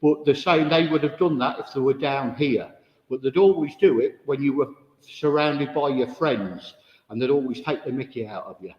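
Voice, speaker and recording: A man's voice: mid-range voice, normal speed. A man, a spiritualist medium giving a chatty, direct demonstration to an audience in a village hall, with no microphone. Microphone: no microphone, room recording. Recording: echoey hall, dull, no microphone.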